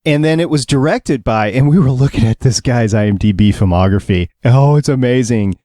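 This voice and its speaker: A man's voice: mid-range voice, fairly quick, warm tone, dry recording, clean studio sound. A man hosting a podcast, upbeat and rambling, laughing easily as he chats. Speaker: podcast host. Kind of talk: casual podcast chat.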